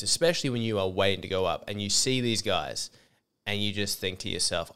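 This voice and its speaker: A man's voice: lowish voice, fairly bright tone, clean tone. A man, feeling a little sick, telling a rambling, sweary comedy story as a podcast host. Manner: rambling, self-interrupting, sweary.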